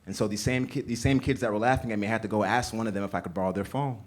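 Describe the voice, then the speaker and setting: A young man tells a personal story live, speaking earnestly in a steady rhythm. His voice sits a little low. He talks into a stage microphone in a small theater. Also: very fast.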